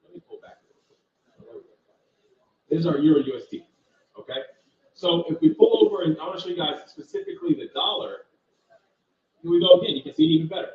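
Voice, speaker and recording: A man's voice: a little high, wildly swooping pitch, a little fast, pauses often. A man hosting a live trading stream, walking viewers through market charts in a casual, direct way and thinking aloud. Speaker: trading channel host. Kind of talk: live market commentary with screen share. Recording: roomy, distant, dull sound.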